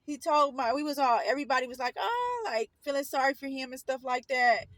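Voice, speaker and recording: A woman's voice: sits high, steady tone, fast talker, a bit bright, no room sound, low-quality recording. A young woman from Oakland, California, telling her own story to the camera in a casual, emotional way, wandering off into asides. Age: young adult. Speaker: vlogger.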